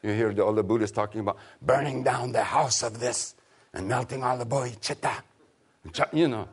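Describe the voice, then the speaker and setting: A man giving an informal public talk to an audience, an animated storyteller who jokes and urges his listeners with a preacher's insistence. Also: mid-range voice, fairly quick, slightly rough. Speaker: author and teacher giving a talk.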